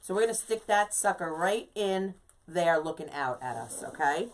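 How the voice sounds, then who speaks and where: A woman's voice: fairly low pitch, lively intonation, normal speed, slight background noise. A woman in her fifties leading a live craft tutorial, chatty and emphatic, greeting viewers by name as she works. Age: 50s. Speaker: craft instructor and shop owner.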